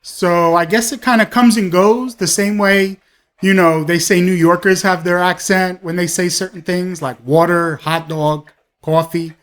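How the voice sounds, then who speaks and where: A man's voice: high voice, a bit bright. A man hosting a casual TV episode review, talking in a rambling, gushing way with frequent exclamations. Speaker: host of a TV review show.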